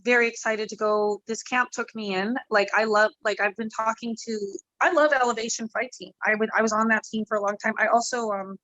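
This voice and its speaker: A woman's voice: on the high side, fairly even intonation, brisk, few pauses, a bit bright, dry recording, muffled recording. A woman MMA fighter in a casual interview, rambling, candid and swearing freely.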